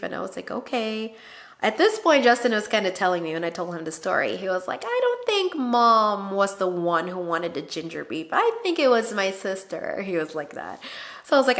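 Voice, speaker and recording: A woman vlogger talking casually to her viewers. She speaks at a mid pitch and keeps up a chatty, animated flow, full of fillers and acted-out quotes. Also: moderate pace. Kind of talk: casual storytelling to camera.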